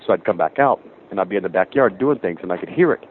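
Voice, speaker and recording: A man on a phone call to a radio show tells his story quickly in a low voice, rambling along in an animated way. The line sounds tinny, and a faint hiss runs underneath. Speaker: caller.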